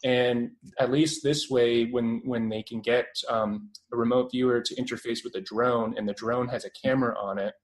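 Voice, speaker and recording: A man's voice: medium pitch, steady tone, normal speed, few pauses, low-quality recording. A Canadian man in his twenties talks as an interview guest. His voice sits mid-range, and he rambles casually, filling gaps with "um" and "like" and often restarting his sentences. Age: 20s. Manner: rambling, many fillers and restarts.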